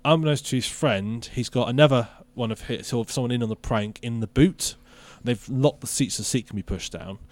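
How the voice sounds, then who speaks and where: Man, podcast co-host, lively storytelling, dry close sound. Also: mid-range voice, brisk, hardly any pauses, dry recording. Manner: animated storyteller acting out quotes. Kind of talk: casual chat.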